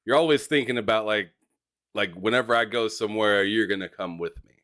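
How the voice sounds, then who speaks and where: Brief: lower-pitched male host, easygoing, stammers into questions. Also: a little fast, fairly bright tone. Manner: laughs often, stammers and restarts. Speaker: podcast host. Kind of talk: casual interview chat.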